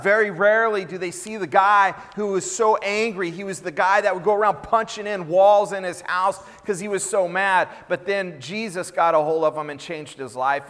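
A man's voice: high-pitched, a bit bright. A man pastor preaching a sermon, emphatic and repetitive, often acting out what others say. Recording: reverberant hall.

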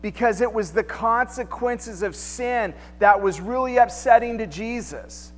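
A man's voice: extremely high pitch, a little slow. A man preaching a sermon in a church, talking in a loose, conversational way and throwing out rhetorical questions. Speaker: pastor. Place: church sanctuary. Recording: long hall reverb, faint music behind.

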